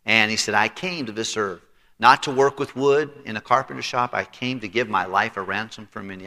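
Preaching pastor with a bright voice. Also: male voice, mid-range voice, a little fast. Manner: preaching with voiced characters and congregational read-alongs. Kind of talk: sermon. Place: church sanctuary. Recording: reverberant church sanctuary.

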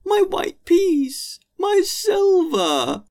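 A man voicing a small boy who pleads and insists in a high, shrill put-on voice, in an audiobook reading. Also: huge pitch swings, drawn-out words, darkish tone, heavily acted. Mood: pleading.

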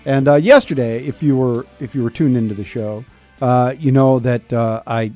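A talk radio host in his fifties rambles in a loose, wry, chatty way, often interrupting himself to restart sentences. His medium-pitched, darkish voice is a bit scratchy at a normal speed. The studio microphone sound is close and dry with no echo, and faint music plays behind him.

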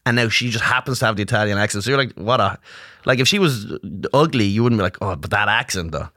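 A man with an Irish accent talks in a loose, joking way, laughing between lines and cursing for emphasis. His voice is bright and forward, recorded dry and close with no room sound. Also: medium pitch, fast talker, no room sound. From Ireland. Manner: laughing often, swearing, jokey. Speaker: comedian. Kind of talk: casual podcast chat.

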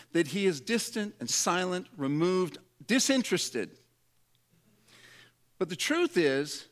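Animated preacher man, slightly high voice. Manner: dramatic, acts out quoted prayers in a lowered voice. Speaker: pastor. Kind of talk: sermon.

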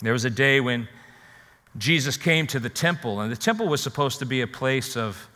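A man preaching a sermon as pastor, rising and falling with emphasis and dramatic pauses. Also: medium pitch, lively intonation, pushed and bright, in a large hall.

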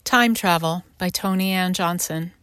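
A woman's voice: on the low side, measured pace, a bit bright, no room sound. Woman reading her story, close and dry. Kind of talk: literary reading.

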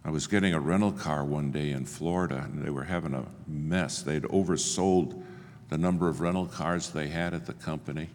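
An older man preaching a sermon, telling stories and acting out the dialogue with big swings in pitch and loudness. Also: fairly even intonation, a little fast. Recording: long hall reverb, faint ambience.

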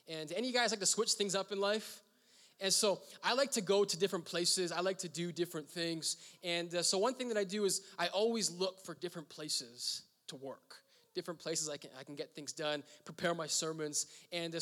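A man's voice: sits high, a bit bright. A man preaching as pastor in a church hall, telling a story in a loose, conversational way with frequent "uh" fillers. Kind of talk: sermon storytelling. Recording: reverberant hall.

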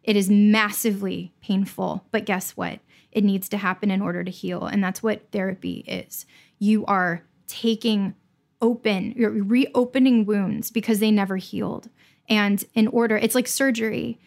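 A woman speaking as a podcast guest, earnest and intense, often rushing her words in bursts. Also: mid-range voice, fairly even intonation, vocal fry, darkish tone. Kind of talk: candid podcast conversation.

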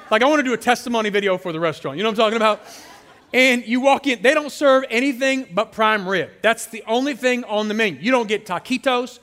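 A man with a high, bright voice delivers an animated sermon. He tells playful stories and calls on the crowd to shout back to him. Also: quick pace. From San Francisco area. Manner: animated, playful storytelling with call-and-response. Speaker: guest pastor.

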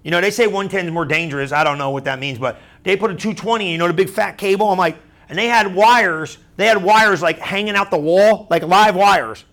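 A man pastor preaching a sermon through a story, chatty and animated, often asking the crowd "right?". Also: high-pitched, brisk.

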